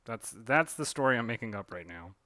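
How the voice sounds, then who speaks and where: A man's voice: medium pitch, lively intonation, brisk, bright, forceful tone, no room sound. A man, a comic artist chatting casually on a drawing livestream, rambling with lots of fillers and self-corrections. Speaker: comic artist streaming his drawing work.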